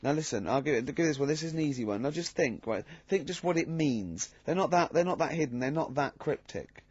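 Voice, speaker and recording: Husky-voiced man hosting, halting banter. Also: fairly high pitch, expressive, darkish tone, no room sound, lo-fi sound. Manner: joking, halting with many restarts. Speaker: radio show host. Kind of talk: casual studio banter.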